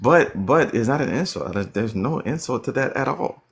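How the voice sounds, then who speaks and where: A man's voice: medium pitch, lively intonation, normal speed, gravelly, slightly rough. A man arguing on a live stream, insistent and repeating himself. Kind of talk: heated live stream argument.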